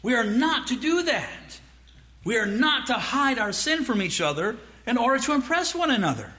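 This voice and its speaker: Lively, bright-voiced male preacher. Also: very high-pitched, normal speed. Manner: emphatic preaching, mock dialogue with the congregation; rhetorical questions and repeated phrases. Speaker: pastor. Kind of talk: sermon.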